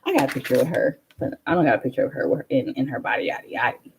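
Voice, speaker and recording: A woman's voice: very deep voice, animated, racing, vocal fry, slight background noise, poor audio. A young woman telling a rambling story in a casual vlog, with lots of fillers. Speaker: vlogger. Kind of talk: casual chat.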